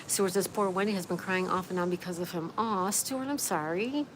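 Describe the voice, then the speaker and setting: A woman with a fairly low voice hosts a relaxed livestream from outside, reading comments aloud and answering each viewer by name. Her tone stays easy and friendly. Clear background noise from the outdoors runs under her voice. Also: normal speed. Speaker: livestream host. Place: outdoors, with a view.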